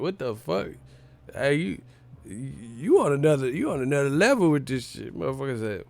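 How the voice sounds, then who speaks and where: A man's voice: medium pitch, very animated, moderate pace, creaky, no echo. A man hosting a livestream, ranting in a comic, profane and mocking way. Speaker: livestream host. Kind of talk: comedic livestream rant.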